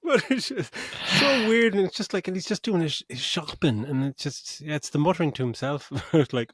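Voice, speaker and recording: A man's voice: a little high, lively intonation, moderate pace, few pauses, a bit bright, slightly rough, no room sound, studio quality. A man co-hosting a casual podcast film review, talking loosely, swearing and laughing often. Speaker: podcast co-host.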